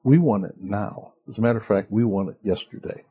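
A man's voice: fairly low pitch, fairly quick, mellow, husky, muffled recording. A man preaching a conversational sermon as pastor, asking the listeners rhetorical questions.

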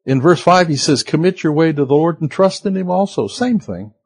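A man's voice: on the high side, expressive, fairly quick, a little mellow, breathy edge. A man preaching a conversational sermon as pastor, asking the listeners rhetorical questions.

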